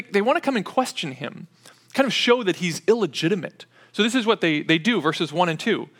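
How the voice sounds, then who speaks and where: A man preaching an expository sermon, explaining step by step in a conversational way with frequent pauses and fillers. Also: high voice, fairly bright tone.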